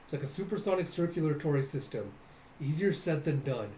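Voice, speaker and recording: A man's voice: a little high, animated, fairly quick, warm tone. A young man casually narrating a comic readthrough in a loose, rambling way. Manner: loose, rambling, lots of "he's like". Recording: echoey room, faint noise.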